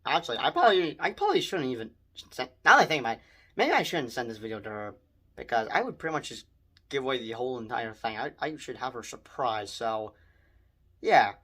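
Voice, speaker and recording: A young man giving a casual spoiler movie review, rambling and excitable, with many restarts and mild swearing. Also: mid-range voice, brisk, breathy edge.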